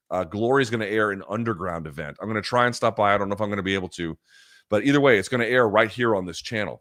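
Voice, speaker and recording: Man, livestream host, very low voice, dry close sound, swearing, heated ranting. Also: fairly bright tone, no echo. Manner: profane, heated rants with frequent filler and restarts. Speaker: live chat show host. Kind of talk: casual livestream chat answering viewer questions.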